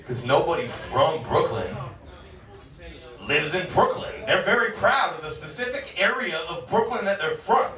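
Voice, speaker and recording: A California stand-up comedian in his forties performs a crude, profane set on a comedy club stage, often laughing at his own jokes. His voice is a little high, expressive, bright, and forceful at normal speed. The club sound is roomy, with the mic far off.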